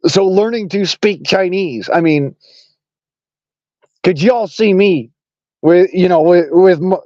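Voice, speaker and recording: Profane Southern man, high voice. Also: slow pace, dark tone, no echo, lo-fi sound. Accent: Arkansas Southern. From Arkansas. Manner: blunt, profane, rambling with restarts. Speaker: online talk show host. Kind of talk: casual political monologue.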